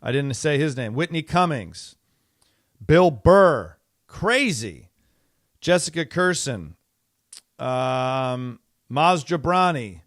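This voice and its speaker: A man's voice: medium pitch, sing-song, slow, fairly bright tone, dry recording, studio quality. A middle-aged man hosting a podcast, talking in a rambling, exasperated way with many fillers and restarts. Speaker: podcast host. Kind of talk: casual monologue.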